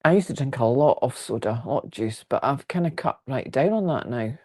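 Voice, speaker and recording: On a quilting livestream filmed indoors at home, a Fife-accented woman answers viewer comments with casual, frank chatter, rambling and joking as she goes. Her bass voice is expressive and a little mellow, and she talks fairly quickly.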